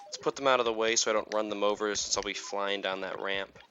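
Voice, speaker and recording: A man's voice: fairly low pitch, steady tone, fast, pushed and bright, highs cut off, slight background noise. A young man giving casual, rambling commentary while playing a video game, with lots of fillers. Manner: chatty, rambling, with many fillers. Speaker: gaming YouTuber.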